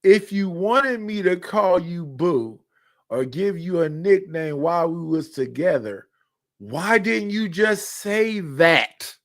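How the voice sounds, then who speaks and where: A man's voice: high voice, expressive, slow. A man in his fifties, a podcast host, telling personal stories in blunt, candid casual chat with repetitive phrasing. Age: 50s.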